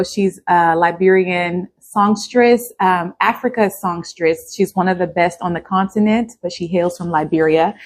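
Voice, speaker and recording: A woman YouTuber talking casually and directly to her viewers in a chatty vlog. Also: on the low side. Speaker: YouTube vlogger. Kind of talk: casual vlog talk to camera.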